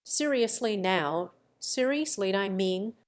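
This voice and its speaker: A woman's voice: mid-range voice, expressive, takes it slowly. A woman voicing an agitated older male general who speaks in a flustered, pleading way.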